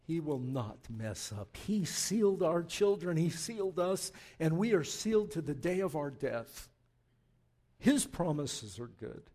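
Slow, impassioned preaching man. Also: fairly high pitch, sing-song. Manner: impassioned preaching, swinging from loud urging to hushed prayer. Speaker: pastor. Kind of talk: sermon. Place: church.

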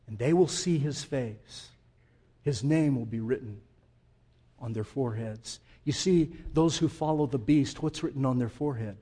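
A male pastor preaching a sermon, swinging from hushed, slow passages to loud, emphatic declarations in a church. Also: mid-range voice, husky.

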